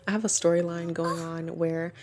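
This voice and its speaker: A woman's voice: fairly low pitch, level tone, moderate pace, crowd noise. A woman hosting a gaming channel who talks through her life-sim game in casual commentary, chatty and giggly, often correcting herself. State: hiccups.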